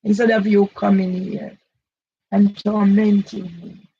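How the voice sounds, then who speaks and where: A man's voice: high-pitched, little pitch movement, unhurried, slightly rough. A man hosting a live stream, accusing a viewer in a repetitive, confrontational rant over dull lo-fi audio. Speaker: channel host.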